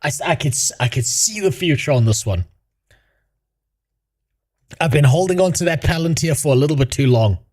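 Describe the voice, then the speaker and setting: A man's voice: on the high side, animated, moderate pace, pauses often, a little mellow. A man ranting casually as a gaming streamer, swearing, mocking and laughing often. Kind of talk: casual commentary rant.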